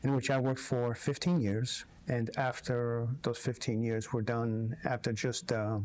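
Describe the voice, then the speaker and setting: Man in his fifties, guest, measured and matter-of-fact, mid-pitched. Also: little pitch movement, a little mellow. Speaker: guest, chapter president. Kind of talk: interview answers.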